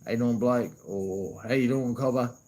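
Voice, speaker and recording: A man's voice: medium pitch, normal speed, darkish tone, rough recording. A man with an Australian accent chatting casually to camera in a laid-back way, swearing freely and saying "you know what I mean" a lot. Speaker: vlogger.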